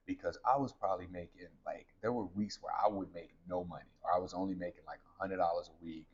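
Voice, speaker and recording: A man's voice: low voice, steady tone, fast, few pauses, muffled recording, a little hiss or hum. A man in his thirties, a podcast host, candidly telling a personal story to his listeners in a conversational way. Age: 30s.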